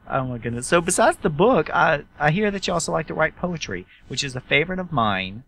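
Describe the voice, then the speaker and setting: Southern us guy hosting a talk show, bright punchy voice, chatty and excited. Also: fairly high pitch, normal speed, gravelly. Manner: enthusiastic, chatty. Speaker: host.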